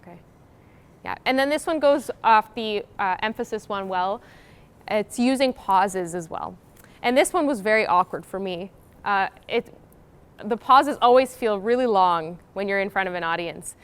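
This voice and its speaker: A young woman, a graduate student, co-presents a university workshop, explaining things in a casual, sort-of-filled way. Her voice is medium-pitched and expressive, with a clean tone and normal speed.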